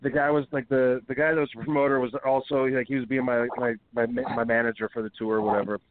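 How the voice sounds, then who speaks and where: A man's voice: mid-range voice, level tone, fast talker. Rambling storyteller man on a tinny line. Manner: rambling, profane, lots of fillers. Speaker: wrestling radio show host. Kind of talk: casual storytelling. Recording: tinny phone-line sound with faint hiss.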